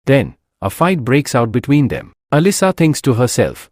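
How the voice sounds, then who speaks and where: Brief: male recap narrator, brisk, animated intonation. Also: medium pitch, no echo, studio quality.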